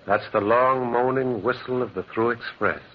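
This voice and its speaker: A man's voice: mid-range voice, moderate pace, very noisy, natural voice. A man playing a lonely former prospector who narrates a 1940s radio drama, an old muffled recording. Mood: brooding. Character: lonely male loner who once prospected in the mountains.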